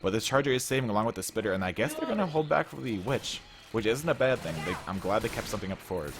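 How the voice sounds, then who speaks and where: A young man giving rapid live play-by-play commentary on a video game match. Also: fairly low pitch, very animated, a crowd in the background. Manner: rapid play-by-play, laughs easily. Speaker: esports caster.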